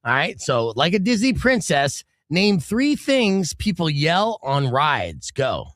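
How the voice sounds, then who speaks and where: Lively, bright-voiced male game host. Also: on the high side, slow, no room sound, clean studio sound. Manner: upbeat, playful quizmaster, laughs often. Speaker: podcast host running a game. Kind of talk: casual comedy podcast.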